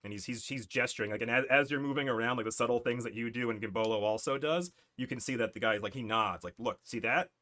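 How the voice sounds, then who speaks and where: A man's voice: medium pitch, fast, few pauses, pushed and bright. Chuckling man running a tabletop game. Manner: loose, chuckling narration, corrects himself. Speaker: game master.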